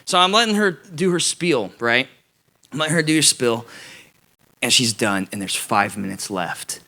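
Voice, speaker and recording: A man preaching a youth sermon, telling a self-mocking story in an animated way before turning to the lesson. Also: medium pitch, normal speed. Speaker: youth pastor.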